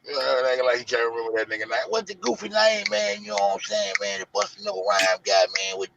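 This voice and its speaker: A man, ranting loud and profane to his online audience in heavy slang. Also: high voice, sing-song, fast talker, vocal fry, background noise. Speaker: show host. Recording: muffled lo-fi audio.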